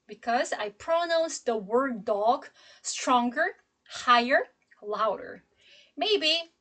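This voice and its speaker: A middle-aged woman, an English professor, giving a classroom lecture in a slow, emphatic way and demonstrating intonation as she goes. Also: on the high side, expressive, sharp tone.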